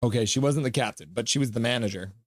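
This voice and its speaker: A man hosting a live hockey watch-along stream, calling the plays casually, joking with chat and getting loud at goals. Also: mid-range voice, fast, no echo, clean studio sound. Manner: excitable, jokey, shouts at goals. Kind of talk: casual play-by-play and chat reading.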